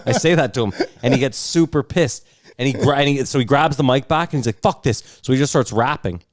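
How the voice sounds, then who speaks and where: A man co-hosting a podcast, telling a long, profane, animated anecdote in casual chat. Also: mid-range voice, fast, no room sound, studio quality. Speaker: podcast co-host. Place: podcast recording setup.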